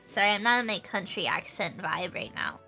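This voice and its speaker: A woman's voice: mid-range voice, creaky, sharp tone. A young woman streamer in casual chat with her viewers, bubbly and rambling, laughing often and repeating herself.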